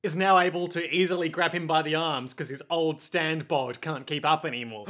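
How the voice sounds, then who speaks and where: A man's voice: a little high, normal speed, a bit bright. A young adult man casually and animatedly retelling a story with jokes as a podcast co-host. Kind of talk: casual comedic recap chat.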